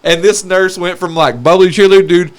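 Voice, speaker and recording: A young man on a podcast with a slightly high voice, chatting casually. He tells animated stories and acts out the voices of the people he quotes. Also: fairly quick. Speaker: podcast host. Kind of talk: casual chat.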